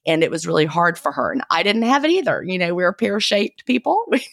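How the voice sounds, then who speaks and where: Lively low-voiced Southern woman in her fifties. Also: a little fast, creaky, dry recording, studio quality. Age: 50s. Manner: laughs often, self-deprecating. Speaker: guest author. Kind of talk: casual interview chat.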